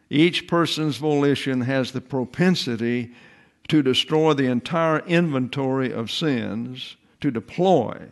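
A man in his eighties preaching, slow and deliberate, mixing doctrine with folksy asides and memories. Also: medium pitch, vocal fry. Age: 80s. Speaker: pastor. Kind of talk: sermon.

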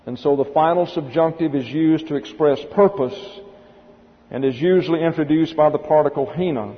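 Here the Bible teacher's voice sits fairly high and moves at normal speed as he works methodically through Greek grammar, spelling words letter by letter. Long hall reverb and dull lo-fi quality color the recording.

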